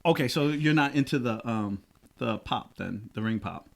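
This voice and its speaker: A man's voice: moderate pace, gravelly, slight background noise. A middle-aged man from Rhode Island hosting a podcast in casual chat, often laughing and slipping into silly voices. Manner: animated, jumps into high silly voices when quoting, laughs often. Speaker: podcast host.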